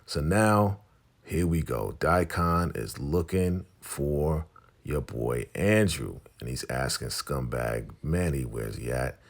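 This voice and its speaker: Very deep, gravelly man recapping TV. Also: slow. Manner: animated, chatty retelling. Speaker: TV recap host. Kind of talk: casual episode recap.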